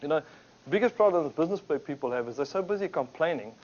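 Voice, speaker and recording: A man's voice: on the high side, fast. A man giving an anecdotal business talk to a group, acting out the people in his stories. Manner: animated storyteller, acts out quotes. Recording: dull lo-fi recording.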